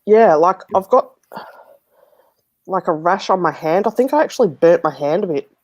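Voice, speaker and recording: An Australian woman co-hosting a casual live stream, chatty and quick to laugh, with stuffed-up sinuses. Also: on the low side, lively intonation, darkish tone, dry recording, muffled recording.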